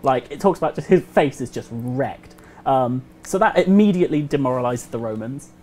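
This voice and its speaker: A man telling a history story casually on a game developer livestream, animated and acting out the quotes. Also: medium pitch, normal speed. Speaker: community host.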